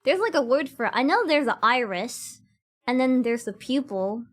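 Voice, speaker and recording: A woman's voice: high-pitched, expressive, moderate pace. A young woman streaming, rambling and giggling as she chats with her viewers. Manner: rambling, giggly, many fillers; talks straight to chat. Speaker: cosplay streamer. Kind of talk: casual chat with stream viewers.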